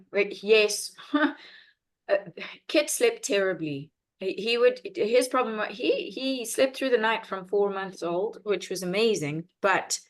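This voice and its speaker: A woman, a mother, telling a story in a lively, laughing way on a video call. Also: mid-range voice. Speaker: parent on a coaching call. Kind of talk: casual chat.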